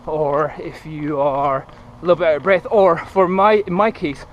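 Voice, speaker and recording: A man's voice: fairly high pitch, steady tone, moderate pace, lo-fi sound. A man in his thirties chatting casually while jogging outdoors, a bit breathless and rambling, filming himself on a camera. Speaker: running vlogger. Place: outdoors on paths near a city. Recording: outdoor noise, planes and traffic. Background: traffic and aircraft noise.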